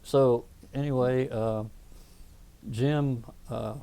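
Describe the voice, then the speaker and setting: A man in his eighties, a veteran with a Southern US accent, tells anecdotes in a rambling way during an oral history interview, repeatedly restarting sentences. He draws out his words in a medium-pitched voice that's creaky, mellow, clear and resonant, with fairly even intonation.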